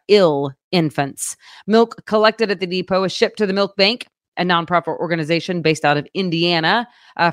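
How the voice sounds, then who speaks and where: Chatty low-voiced woman news co-host. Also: dry recording, clean studio sound. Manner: chatty, laughs easily, many "uh" fillers. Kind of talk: casual local news chat.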